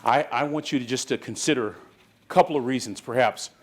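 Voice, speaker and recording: Here a man with a mid-range voice talks fairly quickly. He's a motivational speaker from the Bay Area, preaching a keynote to a live conference crowd with call-and-response.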